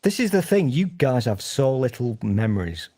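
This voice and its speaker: A British man chats in a loose, rambling way, full of crude jokes. His pitch swoops freely around a middle register. It is casual group banter. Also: big pitch swings, moderate pace, mellow. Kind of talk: casual chat.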